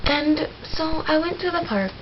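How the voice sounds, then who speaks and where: A woman's voice: high-pitched, animated, a little slow, muffled recording, background noise. A woman playing a naive, chatty fourteen-year-old girl in a character vlog, rambling and giggly, full of "like".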